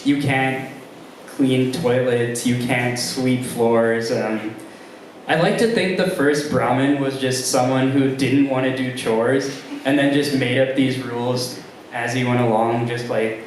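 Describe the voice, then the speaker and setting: Young man, stand-up comedian, halting delivery, very roomy live sound, faint ambience. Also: medium pitch, steady tone, distant mic, slight background noise. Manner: halting delivery with many ums and restarts. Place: comedy club room with a live audience.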